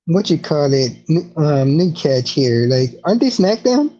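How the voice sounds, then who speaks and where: Laid-back man with a mellow voice. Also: a little high, sing-song, measured pace. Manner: laid-back, loose slangy talk with swearing. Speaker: podcast co-host. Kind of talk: casual wrestling chat. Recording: dull lo-fi recording.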